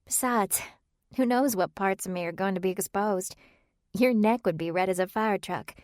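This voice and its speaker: A woman voicing an anxious young wife longing for a baby, pleading and tearful, then quick to tease, in a dry audiobook reading. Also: medium pitch, a little mellow, dry recording, natural voice. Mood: playful teasing. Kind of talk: audiobook character voice.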